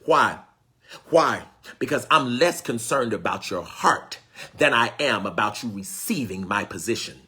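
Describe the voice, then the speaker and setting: A man teaches in a fervent sermon style, calling out to his listeners in preacherly call-and-response, repeating phrases for emphasis, exclaiming and pleading to God. This spiritual teacher has an expressive, sharp-toned mid-range voice and speaks at a measured pace, with a little hiss or hum on the recording.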